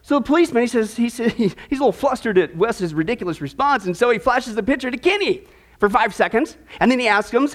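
A male pastor preaching a sermon, jovial and animated, telling a joke with many restarts and fillers. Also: extremely high pitch, quick pace.

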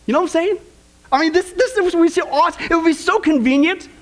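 Man doing an eager salesman voice, very high, gushing, pushy pitch. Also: unhurried, pushed and bright, heavily acted. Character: pushy upbeat man selling microchip implants.

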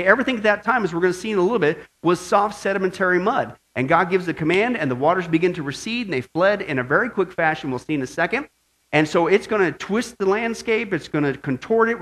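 A man preaching a Bible study sermon, animated and asking his audience questions. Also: high voice, rough recording.

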